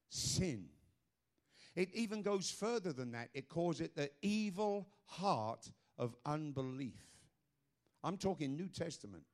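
A middle-aged man preaching a sermon, fervent and rising to shouts with drawn-out "uh" fillers, then dropping to a hushed, prayerful tone. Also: fairly high pitch.

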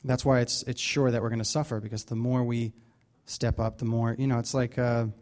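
A man's voice: mid-range voice, level tone, fairly quick, a little mellow. A man leading a Bible study, preaching casually with many fillers and restarts. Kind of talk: casual sermon.

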